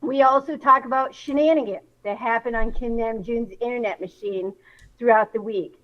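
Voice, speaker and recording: A high-pitched woman co-hosting a casual live stream, blunt and loose with her swearing. Her audio comes through dull and lo-fi. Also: normal speed. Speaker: co-host of fan live stream. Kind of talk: casual chat.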